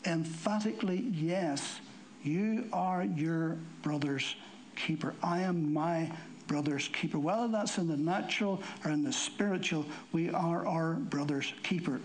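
A man's voice: unhurried, a little hiss or hum, low-quality recording. A man preaching a sermon, reading scripture aloud and explaining it with emphatic, rising delivery. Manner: emphatic, climbing higher and louder when stirred.

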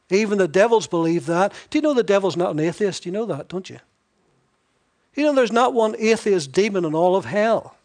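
High-voiced man preaching a sermon. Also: animated, brisk, darkish tone. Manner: emphatic, repetitive, wry asides. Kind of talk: expository sermon.

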